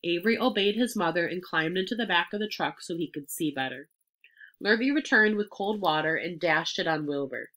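Woman storybook reader, bright and slightly low, expressive narration. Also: a little fast. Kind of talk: storybook read-aloud.

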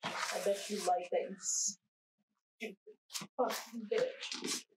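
A menacing, abusive man, as a woman quotes him speaks slowly and coldly, dragging out each word. The voice stays at her own mid pitch. It is recorded from some way off, with a faint hiss behind it. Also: steady tone, echoey room, lightly acted. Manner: slow, cold and drawn-out. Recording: distant mic with faint noise.

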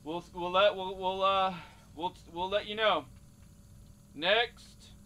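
An actor playing a tired male casting director running auditions in a flat, businesslike way. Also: high-pitched, slow, muffled recording, full character voice. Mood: bored.

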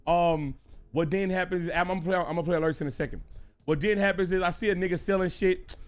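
A young man streaming, telling a story in an animated, profane, excitable way. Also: sits high, fast talker. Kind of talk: casual livestream story time.

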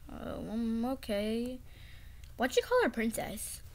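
A woman's voice: a little high, very animated, takes it slowly, a little mellow. A woman voicing a meek, jealous clay pony in a home toy play-acting video, hesitant and whiny, sometimes dropping to a scared whisper. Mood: dejected.

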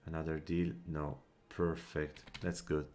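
Deep-voiced male game commentator at his desk mic, musing and tallying out loud, short bursts of frustration. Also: level tone. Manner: thinks aloud, counts under his breath, quick flashes of annoyance. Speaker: gameplay commentator. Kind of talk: casual strategy game commentary.

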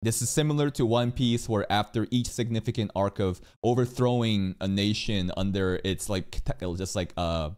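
Excitable low-voiced man reacting to a video. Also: moderate pace, few pauses, clean tone. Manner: excitable, swears often, jumps to loud high rants. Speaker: reaction streamer. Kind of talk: casual reaction commentary.

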